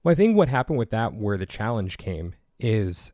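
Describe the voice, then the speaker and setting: A male podcast host with a fairly low voice talks casually and curiously with his guest. He chuckles often, and his voice is close and dry, with no room sound. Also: big pitch swings, moderate pace, darkish tone, no echo. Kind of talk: casual conversational interview.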